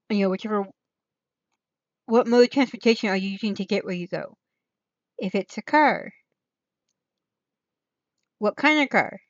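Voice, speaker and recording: In a mid-range voice, a woman hosting her channel rambles casually, thinking aloud and trailing off only to restart her thoughts. The recording has no room sound, and the highs are cut off.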